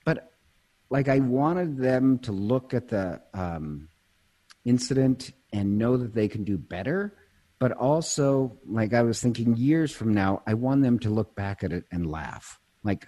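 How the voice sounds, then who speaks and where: A man's voice: mid-range voice, expressive, unhurried, dark tone. A man, a priest, chatting casually and telling stories, breaking off mid-sentence and laughing easily. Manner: storytelling, self-interrupting, laughs easily. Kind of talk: casual conversation.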